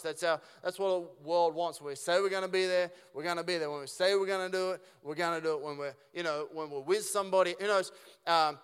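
A man preaches from a church stage, loose and conversational, firing off rhetorical questions and restarting his sentences as he goes. His voice is smooth and resonant and sits a little high for a man. The sound is carried by the long reverb of a church hall. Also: fairly bright tone. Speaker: pastor. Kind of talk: sermon. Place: church auditorium.

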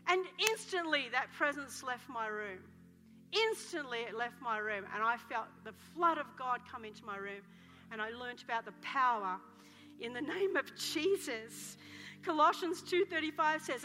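A woman pastor delivers a fervent sermon, her voice high and bright. She tells her stories with drama and sometimes breaks into joyful shouts. The sound carries a long hall reverb, with faint music behind her. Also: lively intonation, moderate pace. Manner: passionate, dramatic storytelling with shouts. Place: church hall.

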